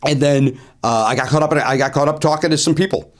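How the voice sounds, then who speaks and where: A male comedian host tells a casual anecdote with animated delivery, repeating phrases and scattering lots of "uh" fillers. His voice sits on the high side, and he talks fast.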